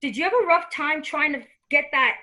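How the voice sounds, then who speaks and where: A woman's voice: sits high, expressive, normal speed, bright, forceful tone, poor audio. A woman giving a psychic medium reading, chatting and laughing as she acts out a spirit's words. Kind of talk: live reading conversation.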